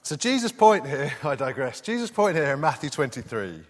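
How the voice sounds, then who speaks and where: A man's voice: fairly high pitch, sing-song, moderate pace. A man preaching a sermon in a conversational way, reading scripture aloud and asking the congregation questions. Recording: long hall reverb.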